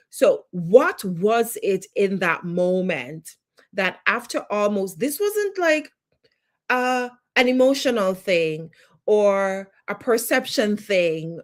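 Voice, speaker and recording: Woman coach, Jamaican accent, live online lesson; emphatic, builds points through repetition. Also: medium pitch. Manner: emphatic, repeats phrases for effect. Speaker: life coach.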